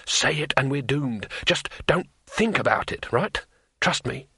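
A man's voice: mid-range voice, animated, measured pace, sharp tone, slightly rough, dry recording, studio quality, exaggerated voice. A man voicing a panicky, frantic male wizard who speaks in an urgent, tense hiss.

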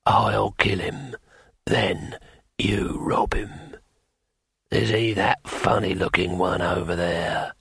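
A man voicing a calm, cold male assassin who speaks low, quietly and in clipped words. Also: slow pace, pauses often, slightly rough, no echo, clean studio sound, exaggerated voice.

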